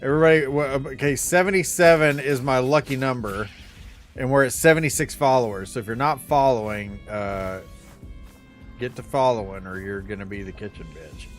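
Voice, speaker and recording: A man's voice: medium pitch, moderate pace, soft background music. A man co-hosting a game stream, laid-back and laughing often as he chats. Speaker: streamer co-host. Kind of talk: casual stream chat.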